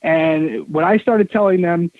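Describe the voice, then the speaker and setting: Give me a man in his thirties telling an animated story, dry and tinny like a phone call. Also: fairly high pitch, a little slow, dry recording. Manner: emphatic, repeats words, lively storyteller. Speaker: guest. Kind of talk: casual interview talk, storytelling. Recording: dry phone-line audio.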